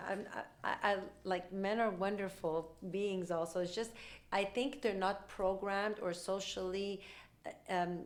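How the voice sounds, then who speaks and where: A woman hosting a podcast, talking quickly and animatedly in casual conversational storytelling and acting out what other people said. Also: mid-range voice. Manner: rapid, animated talk, acting out quoted dialogue. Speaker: podcast host; mother.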